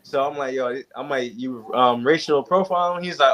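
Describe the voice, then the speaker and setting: A man's voice: mid-range voice, normal speed. A young man telling stories casually to a group, acting out the quoted exchanges. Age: young adult. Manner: animated storyteller, acts out quoted exchanges. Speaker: panel guest. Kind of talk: casual storytelling in a group chat.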